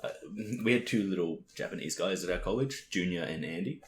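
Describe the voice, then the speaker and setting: A man's voice: low voice, fairly quick. A young man co-hosting a podcast, telling stories in casual chat, laughing often, swearing and acting out the other people in his stories. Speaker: podcast co-host. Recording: roomy echo with faint noise.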